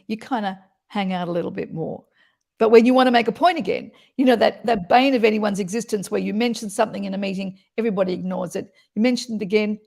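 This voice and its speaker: A woman's voice: mid-range voice, vocal fry, darkish tone. A woman voice coach explaining voice qualities in an interview, talking expressively and demonstrating as she goes.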